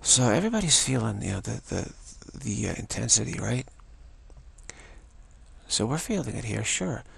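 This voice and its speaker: Gravelly, husky man giving a dharma talk. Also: medium pitch, big pitch swings, moderate pace, no room sound. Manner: meandering, repeats phrases like a chant. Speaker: spiritual teacher.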